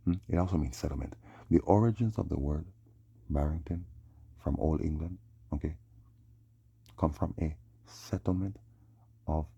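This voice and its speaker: A man's voice: extremely low pitch, gravelly, mellow, breathy edge, muffled recording. A man delivering a rambling solo monologue, drawling and often breaking off with a questioning "hmm?". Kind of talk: rambling monologue on names and prophecy.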